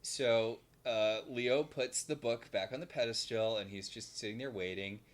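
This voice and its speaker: Man, podcast co-host, casual recap, chatty, filler words, mid-pitched voice. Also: normal speed. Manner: recounts plot with asides and frequent fillers.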